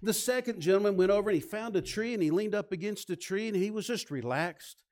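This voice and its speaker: A man's voice: high-pitched, fast talker, darkish tone. A male pastor preaching a sermon, telling stories and counting off his points with emphasis.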